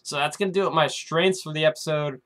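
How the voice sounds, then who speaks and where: A man's voice: on the high side, fairly even intonation, fast, fairly bright tone. A man hosting his weekly show, chatting casually and speculating, often calling out to his viewers. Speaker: show recap host. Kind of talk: casual chat to the camera.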